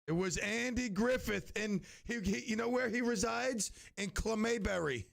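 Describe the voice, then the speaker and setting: A man's voice: sits high, moderate pace, vocal fry, a bit bright, a little hiss or hum. A man hosting a local radio show, chatting casually and telling jokey stories between callers. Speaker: radio host.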